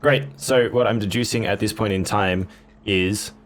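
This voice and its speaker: A man's voice: fairly low pitch, normal speed. A man casually demoing and comparing guitar gear, blunt and offhand in his comments. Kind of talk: casual gear demo talk.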